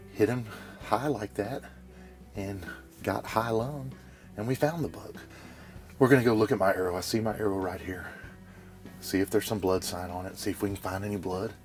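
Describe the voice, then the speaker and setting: A man with a fairly low voice narrates a bowhunting trip in the woods. He talks in short, plain spoken phrases. Faint music plays under him. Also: a little mellow. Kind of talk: hunting show narration and field talk. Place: outdoors in woods.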